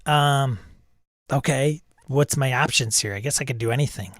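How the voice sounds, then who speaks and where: A man's voice: on the high side, moderate pace, no room sound, studio quality. A man hosting, reading a text adventure aloud and reacting, wry and self-amused, chuckling at the game. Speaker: host.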